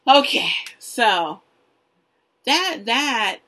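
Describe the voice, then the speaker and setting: A middle-aged woman co-hosting a podcast, telling stories in expressive casual chat and acting out quotes. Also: on the high side, extremely slow, poor audio. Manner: expressive storyteller, acts out quotes. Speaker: podcast co-host, mother.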